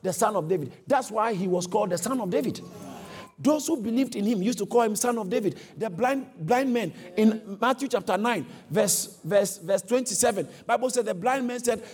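High-voiced, husky male preacher. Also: a little fast. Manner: animated, acts out quotes, frequent self-corrections. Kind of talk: sermon.

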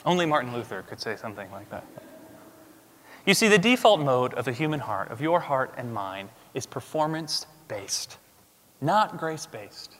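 Emphatic preacher in a reverberant hall. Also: male voice, medium pitch, sing-song, normal speed. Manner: emphatic, swings from loud declarations to hushed asides. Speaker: pastor. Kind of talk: sermon. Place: church sanctuary. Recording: long reverb of a large hall.

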